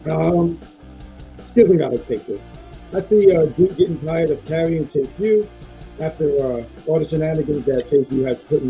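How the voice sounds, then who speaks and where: Host, male, slightly high voice, loose playful rambler, dull lo-fi stream sound. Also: dark tone. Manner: rambling, filler-heavy, playful. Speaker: podcast host. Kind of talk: casual wrestling prediction chat.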